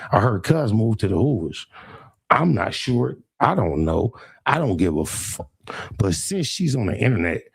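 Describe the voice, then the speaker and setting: Gravelly, taunting Los man. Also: lowish voice, a little mellow, no room sound. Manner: taunting, mocking, with sing-song rhyming jabs; streetwise slang, addresses viewers as y'all. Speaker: livestreamer. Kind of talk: heated livestream rant.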